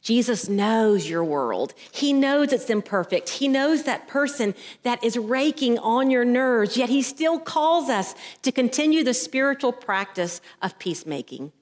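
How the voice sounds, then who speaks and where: A woman's voice: on the high side, lively intonation, a little slow, hardly any pauses. A woman pastor preaching a sermon into a headset mic, telling stories and acting out the voices in them. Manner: storytelling, acts out voices in anecdotes. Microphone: headset mic at the ear. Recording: long hall reverb.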